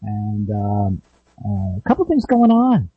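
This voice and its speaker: A man's voice: lowish voice, wildly swooping pitch, takes it slowly, slightly rough, dry recording, narrow, tinny audio, faint music behind. A man hosting a talk radio show, rambling in a folksy way with many fillers and restarts.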